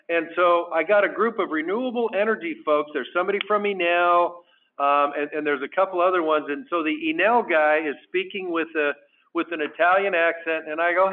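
A man's voice: fairly high pitch, normal speed. A man, a congressman guest, telling a chatty anecdote and acting out the dialogue. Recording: tinny phone-like line.

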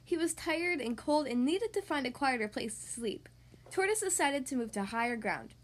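A woman hosting a children's podcast, reading a storybook aloud in a friendly, expressive manner. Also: sits high, normal speed. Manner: friendly, expressive, sing-song.

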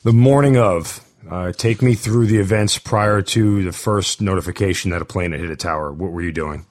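A man's voice: deep voice, moderate pace, a little mellow. A man interviewing a guest, steering him with direct questions.

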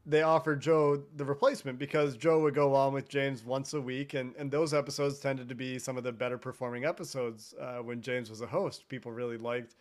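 A man from Cincinnati, a podcast host guesting on a sports show, talking in a measured, thoughtful way. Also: mid-range voice, steady tone. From Cincinnati, United States. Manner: measured, thoughtful, frequent restarts. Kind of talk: casual sports talk.

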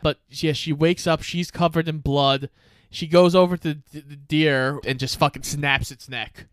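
A man's voice: on the high side, fairly even intonation, normal speed, clear, resonant tone, no echo, clean studio sound. Easygoing young man summarizing a plot. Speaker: podcast co-host. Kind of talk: casual movie recap chat.

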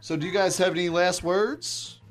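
A man hosting a casual podcast, easygoing and quick with affirmations. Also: sits high, steady tone, soft background music. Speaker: podcast host. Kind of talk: casual chat.

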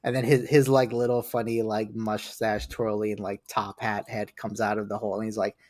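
A man with a fairly low voice, talking as a podcast guest. He rambles and restarts often but stays animated. The sound is close and dry, with no room tone. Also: normal speed, dry recording. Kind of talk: casual podcast chat.

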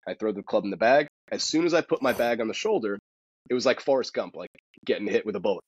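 Male golf pro, podcast guest: rapid, husky, lowish voice, dry dull lo-fi sound. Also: dry recording. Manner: rapid, animated storytelling with many restarts. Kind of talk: casual podcast interview.

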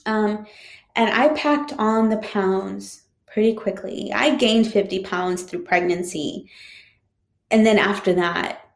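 A woman's voice: mid-range voice, slow pace, creaky. A woman who is a teacher, casually telling a personal story with lots of fillers. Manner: chatty, frequent "like" and "um" fillers. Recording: roomy echo.

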